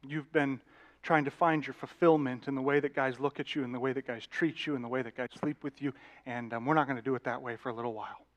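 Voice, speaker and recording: A man's voice: medium pitch, steady tone, fast talker, lightly acted. A man voicing a devoted prophet husband who stammers when pressed and speaks tenderly to his wife, within a sermon. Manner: stammering, pleading, then tenderly firm.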